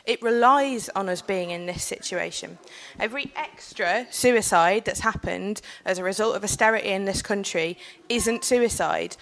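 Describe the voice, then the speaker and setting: A young woman, speaking on a panel while nursing a cold, earnest and forceful, with frequent "um"s. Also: medium pitch. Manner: earnest, forceful, with filler ums. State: has a cold. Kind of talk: impassioned public speech.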